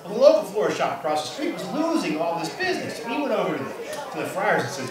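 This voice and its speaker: Man, joke teller, slightly high voice, echoey room, crowd noise behind. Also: big pitch swings, quick pace, distant mic. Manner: acts out characters with big jumps in pitch. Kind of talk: deadpan joke telling to a room.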